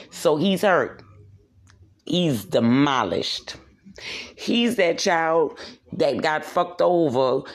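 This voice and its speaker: A man delivering a profane, preachy solo podcast rant, repeating his points for emphasis. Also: on the high side. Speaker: podcast host.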